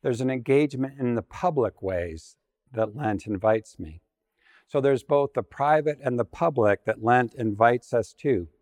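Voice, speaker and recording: A man's voice: lowish voice, darkish tone, long reverb tail. A man preaching a sermon, telling scripture stories with playful asides. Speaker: pastor.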